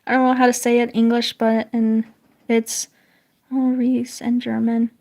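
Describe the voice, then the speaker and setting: A woman's voice: on the high side, level tone, normal speed, dark tone. Woman, 30s, from the northern US; casual streamer who reads chat aloud, rambles and restarts often. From northern United States. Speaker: streamer chatting with viewers while drawing.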